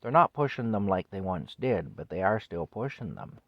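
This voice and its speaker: Low-voiced man in his fifties ranting. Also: sing-song, moderate pace, no echo, dull audio. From Canada. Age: 50s. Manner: indignant, scornful ranting with wry chuckles. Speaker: vlogger. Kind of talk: solo opinion rant to camera.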